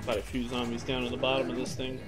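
A young man livestreaming a game, chatting to viewers in a joking, rambling way with sudden loud whoops. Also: mid-range voice, fast talker, over loud music. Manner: joking, rambling, animated outbursts. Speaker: game streamer. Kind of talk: casual live-stream chat while gaming. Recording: steady background noise.

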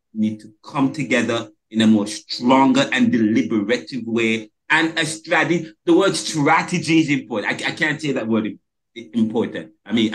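A man hosting a podcast interview, who talks emphatically and stumbles and restarts his words. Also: mid-range voice. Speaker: podcast host.

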